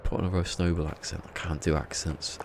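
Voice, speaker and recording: A man's voice: low voice, little pitch movement, brisk, gravelly, noisy background. A man streaming a game from home, chatting casually and rambling in a self-deprecating way. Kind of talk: casual live-stream chat.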